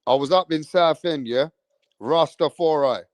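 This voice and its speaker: A man, hosting a live stream, telling rambling stories in an animated way, swearing often and tagging lines with "bruv". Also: fairly high pitch, unhurried, no echo, clean studio sound. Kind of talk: rambling storytelling.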